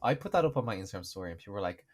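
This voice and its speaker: A man's voice: fairly low pitch, expressive, rapid-fire. A young man co-hosting a podcast in casual, sarcastic chat. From Ireland. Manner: chatty, joking, sarcastic. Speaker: podcast co-host.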